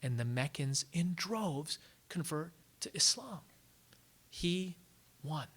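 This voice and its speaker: A man from the United States giving a public lecture at a college, telling a story in a casual, animated way with frequent "like" asides. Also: a little high, slow pace, breathy edge. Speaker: guest lecturer.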